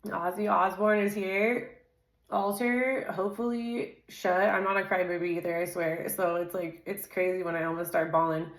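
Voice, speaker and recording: Casual woman tarot reader, lowish voice, word lists, chatty asides, roomy echo. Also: steady tone. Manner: rattles off card keywords in quick lists; laughs easily and chats off-topic.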